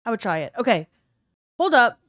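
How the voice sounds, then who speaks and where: A woman's voice: on the high side, very animated, brisk, fairly bright tone, no room sound. A young woman from New Orleans with a neutral accent, chatting casually with her live stream viewers, reading comments aloud and swearing now and then. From New Orleans, US South.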